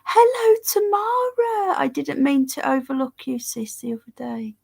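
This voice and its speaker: A woman on a relaxed home livestream, tired and yawning as she chats. Her voice sits a little high, loose and rambling, with a casual swear here and there. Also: normal speed, creaky, husky. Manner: chatty, rambling, swears casually, greets viewers by name. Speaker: livestream host reading live chat.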